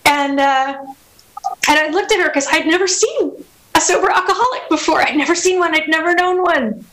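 A woman giving a personal recovery testimony, halting and emotional, with frequent restarts. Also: very high-pitched, fairly bright tone, rough recording. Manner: acts out remembered dialogue. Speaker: speaker sharing her recovery story.

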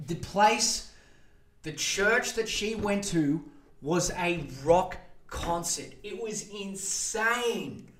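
A man in his twenties, a podcast host telling a crude, animated story and acting out quotes in raised voices. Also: sits high, drawn-out words. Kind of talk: casual storytelling monologue. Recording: roomy echo.

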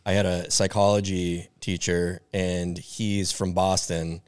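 Wry low-voiced male podcast host. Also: little pitch movement, takes it slowly, clear, resonant tone. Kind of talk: casual chat.

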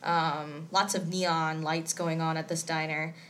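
A woman's voice: low-pitched, level tone, measured pace, fairly bright tone. A woman co-hosting a podcast, recapping an episode in easygoing, rambling chat. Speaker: podcast co-host.

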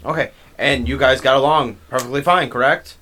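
A man co-hosting a podcast, talking in an animated way and asking leading questions. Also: medium pitch, a little fast. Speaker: podcast co-host. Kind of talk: casual chat.

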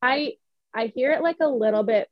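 A woman's voice: high-pitched, normal speed, no room sound, muffled recording. A young woman with a New Hampshire accent, co-hosting a podcast and telling stories in casual chat, laughing often. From New England. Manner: chatty storyteller, laughs often. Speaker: podcast co-host.

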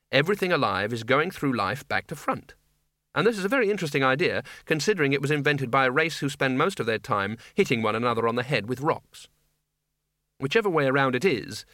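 A man reading a comic fantasy novel aloud as an expressive, playful narrator. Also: medium pitch, no room sound, studio quality. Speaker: audiobook narrator. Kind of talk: scripted narration.

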